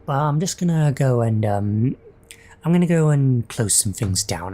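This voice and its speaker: Lively, reactive male game commentator. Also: mid-range voice, a little slow, a little hiss or hum. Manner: casual, swearing, reacting aloud to the fight. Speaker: gaming channel host. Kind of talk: live gameplay commentary.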